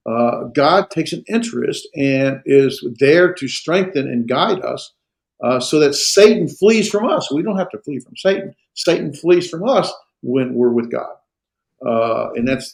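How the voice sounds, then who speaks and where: A man's voice: mid-range voice, vocal fry, reverberant, rough recording. A man teaching a Greek grammar class, explaining with frequent fillers and restarts. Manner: hesitant, many fillers and restarts. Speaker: Greek instructor. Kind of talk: classroom lecture with questions.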